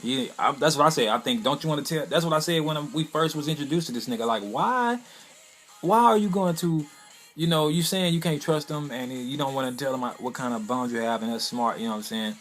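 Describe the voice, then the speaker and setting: A man casually reviewing an anime episode in a rambling, slangy, profane way, now and then breaking into excited bursts. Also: mid-range voice, quick pace, hardly any pauses, soft background music.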